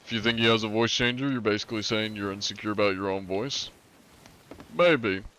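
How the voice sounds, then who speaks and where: A deep-voiced man chatting casually while live-streaming a game, laid-back and wry, swearing offhandedly. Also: brisk, bright, forceful tone, clear, resonant tone.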